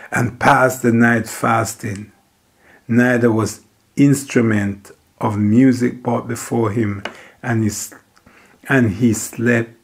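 A man preaching in a slow, unhurried cadence, with a gravelly, creaky edge to his mid-pitched voice. He retells a scripture story, repeating phrases for weight and slipping into the characters' voices as he goes. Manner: acts out the king's and Daniel's words.

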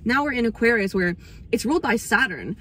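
A woman's voice: a little high, lively intonation, fairly quick, a bit bright, a little hiss or hum. A young woman hosting an astrology channel, rambling in a casual spiritual monologue, swearing freely, and getting emotional at times.

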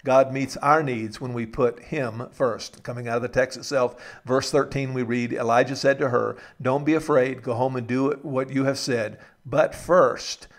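Man, pastor, sermon, mid-pitched voice, storytelling, slows for emphasis. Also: steady tone. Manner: storytelling, raises voice for quoted lines; slows for emphasis, restarts words.

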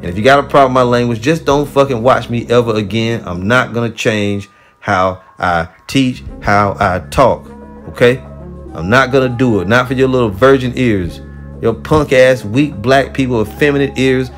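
A man's voice: mid-range voice, normal speed, soft background music. A man teaching scripture in a heated, profane sermon, rebuking listeners angrily and swearing constantly. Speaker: religious teacher.

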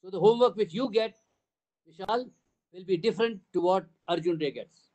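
Older Indian English man, high voice, speaking emphatically to parents at a town hall, stacking points in repeated phrases. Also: brisk, dark tone. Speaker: school trust CEO addressing parents.

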